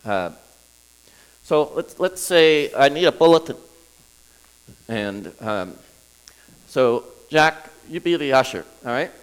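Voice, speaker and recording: Halting, lively preacher man. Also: mid-range voice, clean tone, rough recording. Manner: halting, many restarts, chuckles often. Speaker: preacher teaching a congregation. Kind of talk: sermon teaching. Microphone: recorded for viewers at home.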